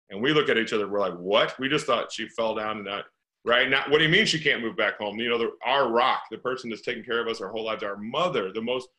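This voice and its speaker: A man's voice: lowish voice, bright, forceful tone, rough recording. A middle-aged man from St. Louis, a real estate investor being interviewed, talking earnestly and piling up rhetorical questions. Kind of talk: conversational interview.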